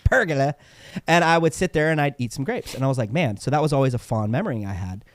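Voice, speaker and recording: A man co-hosting a podcast, an animated storyteller who gives motivational advice and acts out quotes. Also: medium pitch, fast talker. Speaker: podcast co-host. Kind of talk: casual podcast conversation.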